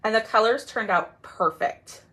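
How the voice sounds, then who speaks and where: Speaking with a fairly high pitch and fairly bright tone, a woman demonstrates a craft during a live sale. She keeps up casual livestream chat with viewers, heavy on "um"s and stretched "y'all"s.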